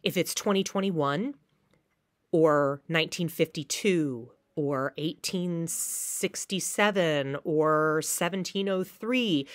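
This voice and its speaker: A woman's voice: on the low side, no room sound, studio quality. A woman theater teacher giving a recorded lecture on acting, now and then acting out short quoted pleas and threats as examples.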